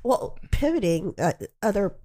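A woman co-host raising questions in a hesitant way, pausing to find her words. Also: medium pitch, big pitch swings, warm tone. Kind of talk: casual chat.

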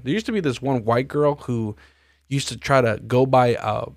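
A man's voice: medium pitch, moderate pace, dry recording. A man hosting a podcast, telling stories in casual chat and acting out the voices of the people in them. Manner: profane storytelling, acts out quoted dialogue. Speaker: podcast host.

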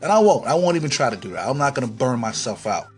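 A man hosting a podcast, delivering a profane comic rant that swings between yelling and low muttering. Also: very animated, quick pace, faint music behind. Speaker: podcast host.

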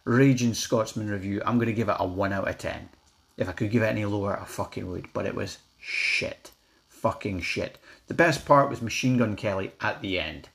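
A man's voice: lowish voice, moderate pace, gravelly, a bit bright. Angry, sweary Scottish man ranting. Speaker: vlogger reviewing a comedy special. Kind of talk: ranting review.

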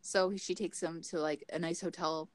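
A woman's voice: moderate pace, no echo. A young woman casually retelling a TV episode, full of "like" and acting out the characters' lines. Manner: animated, acts out characters' lines in raised pitch; frequent fillers like "like".

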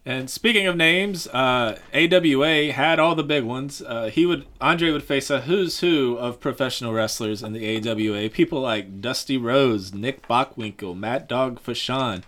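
A man with a bright, tense voice and an average pitch tells wrestling history on a podcast. He keeps a steady storytelling pace with occasional fillers. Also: measured pace, hardly any pauses. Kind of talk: informal history narration.

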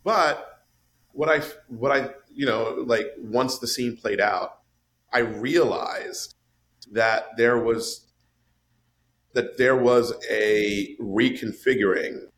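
A man in casual podcast chat about a film, animated and swinging his voice up high for emphasis. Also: slow pace. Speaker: podcast panelist discussing a film.

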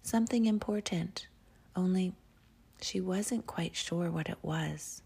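A woman hosting a children's story channel, reading a picture book aloud in a soft, hushed, soothing way. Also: lowish voice, takes it slowly, vocal fry, breathy edge. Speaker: storyteller host.

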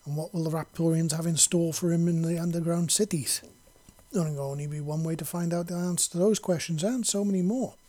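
A man narrates a serialized story in a casual, chatty tone. His voice sits slightly high and sounds husky. It has a mellow, dark color. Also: fairly even intonation, a little fast. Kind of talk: story reading.

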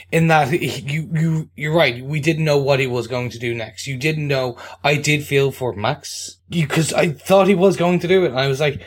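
A man's voice: on the high side, normal speed, breathy edge. A man co-hosting a podcast, chatting casually and making jokes, often stammering and restarting his phrases. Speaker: podcast co-host.

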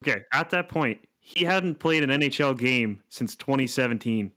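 A man's voice: mid-range voice, lively intonation, normal speed, bright, forceful tone. Chatty man talking hockey. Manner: laughs often, acts out quotes playfully. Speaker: podcast co-host. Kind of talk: casual hockey chat.

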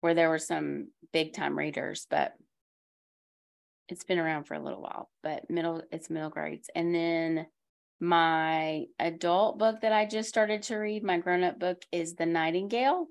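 A woman's voice: lowish voice, normal speed, gravelly. A woman hosting a school library podcast, chatting casually about books with many asides and easy laughs. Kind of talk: casual book talk chat.

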